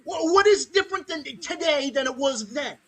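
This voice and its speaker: A man's voice: very high-pitched, expressive, moderate pace, rough recording. A man hosting a podcast, ranting angrily about politics with heavy swearing and mocking put-on voices. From Massachusetts, USA. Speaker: podcast host. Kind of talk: political rant.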